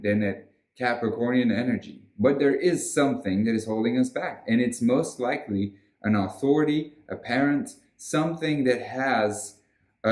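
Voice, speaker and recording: A man talks through a casual astrology forecast in an emphatic, rousing way and swears freely. His voice sits at an ordinary middle pitch. It rings with a noticeable roomy echo. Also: a little mellow. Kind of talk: casual weekly forecast monologue.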